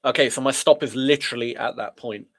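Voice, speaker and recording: Sniffly from a cold, a young day trader talks fast in a medium-pitched voice as he narrates his live trades. He's casual and chatty, reading viewers' chat aloud and reacting to it.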